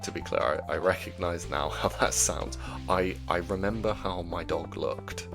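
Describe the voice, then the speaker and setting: A man hosting a gaming channel, telling rambling, chatty stories with plenty of fillers in relaxed commentary meant for sleep. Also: sits low, moderate pace, creaky, low-quality recording. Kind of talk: relaxed commentary over gameplay, made for sleep. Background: music.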